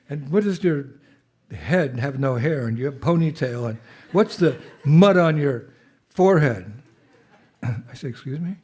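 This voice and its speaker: Husky monk with a cold telling a story. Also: male voice, on the high side, expressive, unhurried, darkish tone. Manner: chatty storyteller with laughs, calls out jai responses. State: has a cold, clearing his throat. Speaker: visiting monk speaker. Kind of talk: informal talk to a temple gathering.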